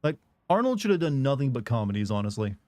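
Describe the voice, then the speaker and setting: A young man streaming a video game, chatting casually in a monotone and rambling with restarts. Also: medium pitch, quick pace, no room sound. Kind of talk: casual chat while streaming.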